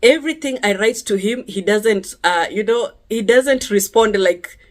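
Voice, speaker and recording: A woman's voice: mid-range voice, normal speed. A woman telling a personal testimony in a casual vlog, chatty and earnest, often checking in with her listeners. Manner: chatty, checks in with listeners by asking "yeah?" again and again; earnest and emphatic, sometimes rising sharply on key words. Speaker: vlogger sharing a personal testimony.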